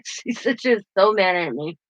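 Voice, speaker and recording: Speaking in a mid-range voice at an unhurried pace, a woman uses lively intonation as she hosts her craft channel's casual show-and-tell vlog. The dry recording captures her chatty, rambling stories and laughs as she presents keepsakes.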